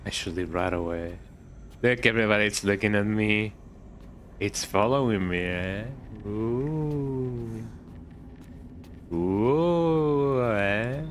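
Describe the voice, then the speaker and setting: Playful low-voiced male gaming streamer. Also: moderate pace, a bit bright, a little hiss or hum. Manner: chatty, playful, adds "eh?" to remarks; thinks aloud, repeats words in silly riffs. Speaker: streamer playing a horror game. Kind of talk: casual gaming commentary.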